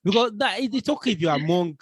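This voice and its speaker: A man's voice: sits high, animated, fast, husky. A man, co-hosting a podcast in casual, wry conversation and asking follow-up questions. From Nigeria. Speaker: podcast co-host. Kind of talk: casual chat.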